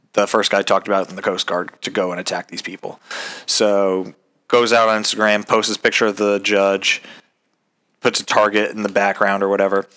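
A man's voice: lowish voice, a bit bright. A man hosting his own podcast, talking in a casual, rambling rant full of swearing and ums. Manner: profane, rambling, frequent ums. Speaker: podcast host. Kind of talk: casual ranting monologue. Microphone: podcast microphone.

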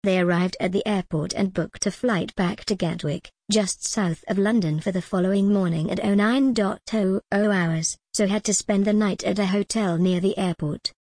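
A woman's voice: medium pitch, fairly even intonation, moderate pace, few pauses, a little mellow, dry recording. A woman narrating an audiobook in scripted style, reading all the characters in a mostly plain voice.

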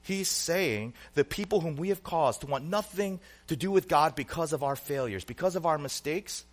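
A man preaching a sermon to a congregation, earnest, asking rhetorical questions and swinging between loud emphasis and quiet, low asides. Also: normal speed. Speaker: pastor.

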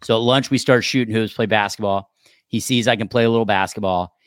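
A man's voice: on the low side, quick pace, no room sound, studio quality. A man, an actor, telling a story in casual chat and acting out the people he quotes. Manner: animated, acts out quoted dialogue. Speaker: actor guest.

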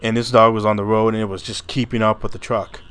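A man's voice: lowish voice, flat delivery, fast, a bit bright, clean tone. A man hosting a podcast, telling a story in a rambling, casual way, stumbling over and repeating his words and swearing freely. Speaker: podcast host.

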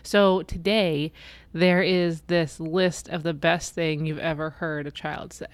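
A woman's voice: low-pitched, steady tone, slow, no room sound. A woman in her thirties chatting casually and reading funny posts aloud, laughing often. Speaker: co-host.

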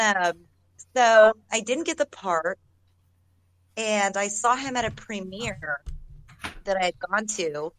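This is a chatty woman guest on an interview show who tells long stories about her acting start. She rambles, circles back on herself and laughs easily. Her voice sits at an ordinary pitch for a woman and sounds close and dry, with no room echo. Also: pushed and bright. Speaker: actress guest. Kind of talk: casual storytelling in an interview.

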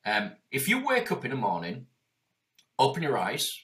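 Middle-aged Yorkshire man, business coach, casual podcast talk; sweary, animated, very expressive pitch. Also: moderate pace. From Yorkshire, England. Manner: animated, swearing, acts out quoted voices.

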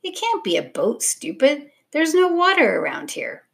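A woman doing a squealing excited young boy. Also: very high-pitched, slow, voice pushed up, exaggerated voice. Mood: scornful.

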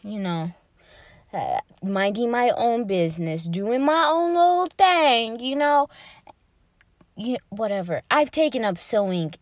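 Young woman, podcast host, rambling casual chat, slow unhurried delivery, dry close sound. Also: fairly high pitch, expressive, no room sound. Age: young adult. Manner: chatty, rambling, drifts between topics.

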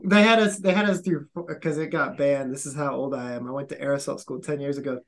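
A man, an army veteran, telling animated anecdotes in casual podcast chat and acting out the quotes. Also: mid-range voice, fast.

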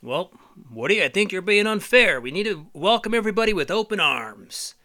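A man's voice: sits high, big pitch swings, a little fast, sharp tone, voice pushed up, heavily acted. A man voicing an earnest, upbeat adult male space ranger toy, in an earnest, welcoming way.

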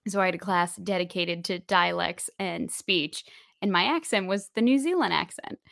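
A woman's voice: on the low side, vocal fry, fairly bright tone, no echo. Young woman co-host, friendly and dry-sounding. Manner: friendly, laughs easily, quick back-and-forth. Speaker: podcast co-host. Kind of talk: casual chat.

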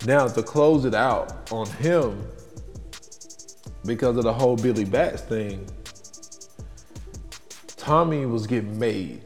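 A man hosting a podcast, casually retelling film scenes in a loose, animated way and acting out the quotes. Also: mid-range voice, takes it slowly, pauses often. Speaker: podcast host. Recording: long reverb with faint music.

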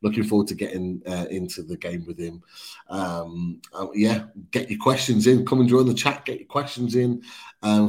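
A Geordie man co-hosting a casual fan podcast, speaking in a fairly low voice. He sounds upbeat and opinionated, and he repeats himself with plenty of ums. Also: a little mellow, husky. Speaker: podcast co-host. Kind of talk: casual fan-show chat.

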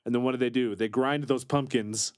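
A man's voice: mid-range voice, fairly quick, no room sound, studio quality. A man co-hosting a casual comedy chat, joking and laughing often. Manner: jokey, animated, laughs often. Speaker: podcast co-host.

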